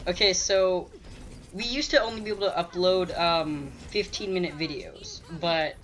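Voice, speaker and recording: A man's voice: high voice, measured pace, a bit bright. A teenage boy co-hosting a gaming chat, joking and teasing his friend. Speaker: gaming channel co-host. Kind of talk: casual chat over a game call.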